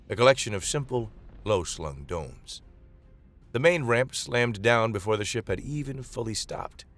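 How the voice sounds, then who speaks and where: A man narrating a dramatic science-fiction story in a measured reading voice. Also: fairly low pitch.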